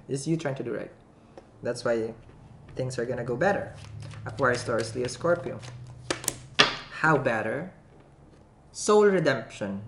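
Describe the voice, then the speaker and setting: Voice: medium pitch, creaky, a little hiss or hum. A tarot reader giving a casual, playful reading to camera, joking and laughing often between the cards. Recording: roomy echo.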